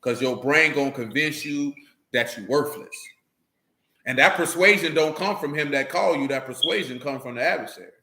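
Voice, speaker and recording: A man's voice: fairly high pitch, normal speed, bright, forceful tone, a little hiss or hum. A man leading a casual religious talk to a group, slangy and joking, with frequent asides. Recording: echoey room.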